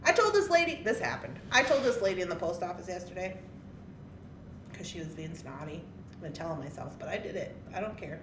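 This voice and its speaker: Animated woman telling a story. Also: on the low side, brisk, background noise. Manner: animated and blunt, laughing often. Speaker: craft and jewelry channel host. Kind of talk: casual storytelling to viewers. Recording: echoey room with faint ambience.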